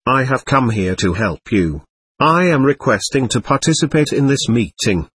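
A man's voice: medium pitch, animated, normal speed, a bit bright, breathy edge. A man reading as a small, earnest alien. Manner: earnest, lecturing questions.

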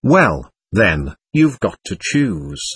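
A man voicing a drunk, belligerent German corporal who shouts with contempt in an audiobook reading. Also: low voice, big pitch swings, slow, husky, no room sound, pitched below the performer's own voice, exaggerated voice.

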